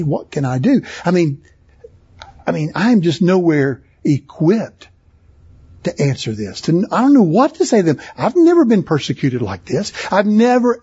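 A man's voice: sits high, dark tone, husky, muffled recording. A man preaching a sermon at a conference, impassioned and building to emphatic peaks. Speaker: pastor. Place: conference hall.

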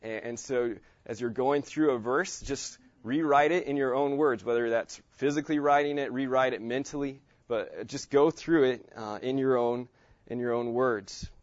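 A man's voice: mid-range voice, moderate pace, dry recording, dull audio. A man giving a casual Bible lesson, speaking plainly and often restarting his sentences with fillers. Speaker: teacher. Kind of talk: Bible teaching.

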